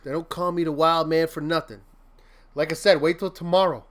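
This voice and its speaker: A man's voice: fairly high pitch, fairly even intonation, brisk, fairly bright tone, a little hiss or hum. A man hosting a casual motivational livestream, rambling and laughing often, breaking into silly mock-venting with made-up curses. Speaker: host.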